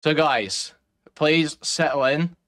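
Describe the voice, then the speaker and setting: A man's voice: a little high, slow pace, a bit bright. A man doing live-stream reaction commentary, ranting and profane with a sardonic edge.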